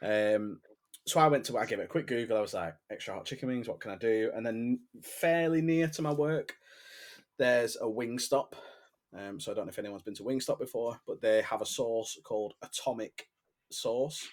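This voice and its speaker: A man's voice: mid-range voice, moderate pace. Male podcast co-host, chatty and loose, laughs easily, swears freely. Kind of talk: casual chat.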